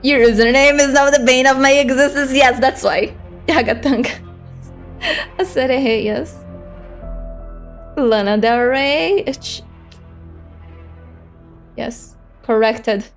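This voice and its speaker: A young woman streams a game and chats casually, poking fun at herself and swearing now and then. Her voice sits high, and she speaks slowly with frequent pauses. Game music plays in the background.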